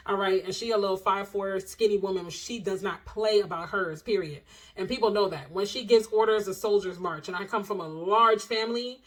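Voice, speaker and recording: A young adult woman telling a personal story to her viewers in a casual vlog, animated and expressive, full of slang and asides to the audience. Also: mid-range voice, poor audio.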